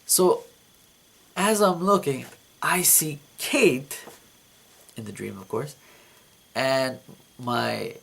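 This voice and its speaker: Gravelly-voiced man telling a dream story. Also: medium pitch, slow pace, pauses often. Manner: animated, repeats words, laughs at his own story. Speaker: vlogger recounting a dream. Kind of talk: casual storytelling monologue.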